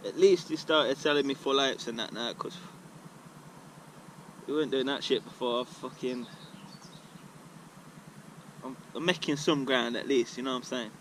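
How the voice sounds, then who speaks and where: A man's voice: mid-range voice, normal speed, pauses often, a little hiss or hum, low-quality recording. Sweary man rambling outdoors. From England. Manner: sweary, slangy, meandering. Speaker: vlogger. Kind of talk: casual rambling monologue. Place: outdoors at a regular filming spot.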